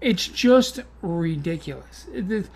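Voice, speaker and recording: A man's voice: high-pitched, slow pace, slightly rough. A man who teaches Kung Fu, hosting a casual chat and telling stories with lots of swearing and laughter. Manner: swearing, animated storyteller who laughs often. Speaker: podcast host and Kung Fu teacher.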